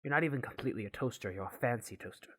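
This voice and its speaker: A man's voice: mid-range voice, very fast, fairly bright tone, lightly acted. A man voicing an obsessive, frustrated male scientist who talks in a pompous, grandiose way.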